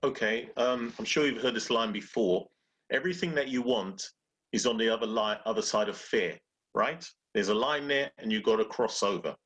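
A man's voice: lowish voice, normal speed, breathy edge. A man talking casually about beating fear and growing, acting out little inner voices as he goes. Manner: animated, acts out inner voices. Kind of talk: casual motivational talk.

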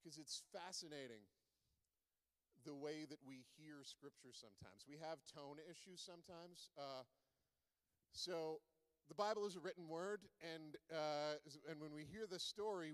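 A man's voice: a little high, unhurried, clear, resonant tone. A man preaching a sermon in a conversational way, asking the listeners many rhetorical questions. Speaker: pastor. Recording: long reverb of a large hall.

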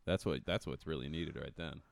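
A man's voice: a bass voice, a little fast, gravelly, dry recording. A man in his thirties, co-hosting a podcast in easygoing, agreeable chat and laughing along. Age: 30s. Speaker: podcast co-host. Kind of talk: casual chat.

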